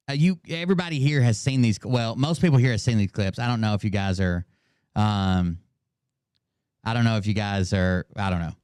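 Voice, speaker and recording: A man with a drawl hosts a loose, foul-mouthed stream, reacting to clips as he goes. His voice sounds clear and smooth, recorded close and dry with no room around it. He keeps it easygoing and laughs easily. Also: on the low side, brisk, darkish tone, no echo. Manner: laid-back, profane, laughing at clips. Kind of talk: casual live-stream commentary.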